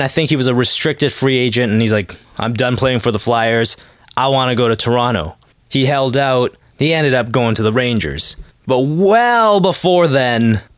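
A man's voice: mid-range voice, no echo, studio quality. A man hosting a podcast, rambling in a joking, casual monologue and acting out quotes in little voices. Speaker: podcast host.

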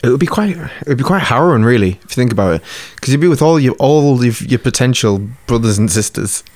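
A man's voice: mid-range voice, lively intonation, fast talker, darkish tone, no echo. A man chatting casually in a podcast, musing aloud and asking questions. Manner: musing, giggly, asks many questions. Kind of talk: casual chat.

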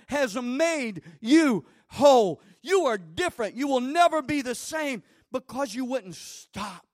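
Emphatic blessing Jesus, as a preacher voices him. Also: male voice, very high-pitched, dry recording, clean studio sound, voice pushed up, exaggerated voice. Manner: slow, swelling, emphatic proclamation. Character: compassionate Jesus blessing a healed woman.

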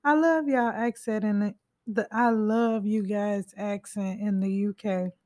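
A woman's voice: medium pitch, fairly even intonation, measured pace, mellow, no room sound, studio quality. A woman hosting a true-crime podcast in a casual, rambling way, full of slangy asides. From United States. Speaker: podcast host.

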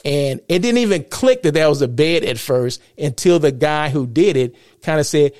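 A man's voice: a little high, animated, normal speed, hardly any pauses, darkish tone, no echo, clean studio sound. A man from the United States hosting a live show and podcast. He talks casually and chattily, keeps asking "right?" and chuckles at his own jokes. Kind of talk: casual live-stream talk.

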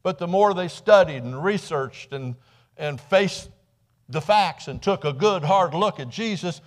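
A man's voice: sits high, animated, unhurried. Man preaching a conversational sermon. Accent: Midwestern American. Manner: conversational storytelling, dramatic acted quotes; repeats words when restarting. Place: church sanctuary.

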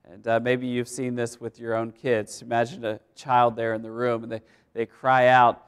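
A man's voice: mid-range voice, moderate pace, clear, resonant tone. A male pastor preaching a sermon in a conversational way, repeating words and laughing as he goes.

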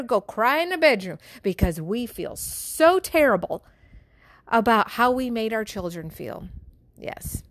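A woman's voice: mid-range voice, no echo. A mother and wife speaking frankly to her listeners in a candid monologue, blunt and swearing freely. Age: adult with children. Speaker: mother and wife hosting a show.

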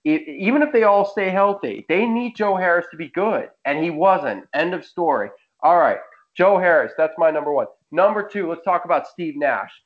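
A man's voice: on the high side, animated, normal speed, highs cut off. A young man hosting a casual sports podcast, roasting players in emphatic rants. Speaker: podcast host.

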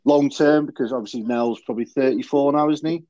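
A man's voice: mid-range voice, fairly quick, warm tone, no echo, dull audio. A man hosting a casual rugby chat podcast, rambling and full of fillers and restarts. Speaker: podcast host.

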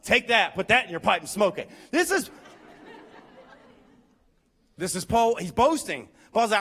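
A pastor giving a lively, conversational sermon with emphatic points and humorous asides. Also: male voice, high-pitched, a little slow, long pauses.

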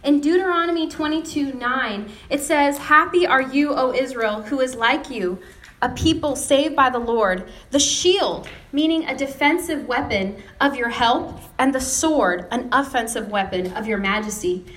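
Woman, sermon, lively storytelling, high pitch, roomy echo. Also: measured pace. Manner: storytelling with lively retold dialogue. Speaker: preacher. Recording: echoey room.

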